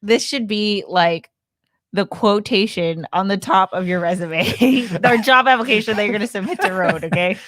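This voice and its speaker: A woman's voice: medium pitch, moderate pace, fairly bright tone, no room sound. A woman co-hosting a casual podcast, reading viewer comments and teasing her partner in a playful way. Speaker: podcast co-host.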